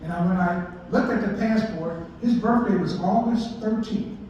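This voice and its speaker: A man's voice: sits high, normal speed, a little mellow, slight background noise. A man in his sixties, a baseball historian giving a folksy storytelling talk and asking his audience questions. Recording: echoey hall, distant mic, muffled.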